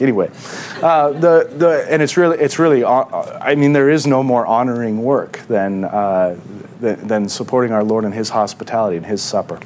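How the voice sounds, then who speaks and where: A male pastor preaches a sermon in a conversational way, asking the congregation questions. His voice is a little high and a little mellow, and he talks a little fast.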